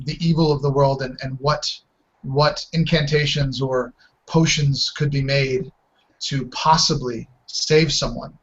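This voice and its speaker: A man narrating as dungeon master in a slow, halting way, over a muffled voice chat. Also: on the high side, a bit bright. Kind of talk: narrating a tabletop game.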